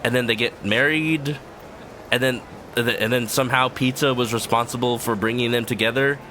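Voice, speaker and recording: A man's voice: mid-range voice, fairly even intonation, moderate pace, pushed and bright, a little hiss or hum. A male streamer giving casual, rambling, joking commentary over gameplay.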